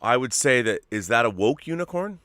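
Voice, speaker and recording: Bright, emphatic man on a live stream. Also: mid-range voice, brisk, no echo. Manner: animated, emphatic, swears freely. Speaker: co-host. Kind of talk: casual live-stream chat.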